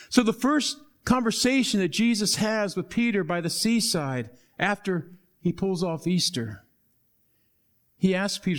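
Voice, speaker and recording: A male pastor preaching a sermon, acting out Bible dialogue and dropping to soft low tones for emphasis. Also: expressive, moderate pace.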